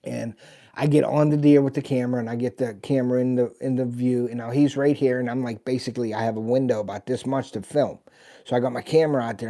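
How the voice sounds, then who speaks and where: A man's voice: medium pitch, steady tone, fast, dark tone. Folksy man telling hunting stories. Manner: rambling, folksy, lots of "and, uh". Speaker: host of a hunting channel. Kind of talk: casual storytelling on a livestream.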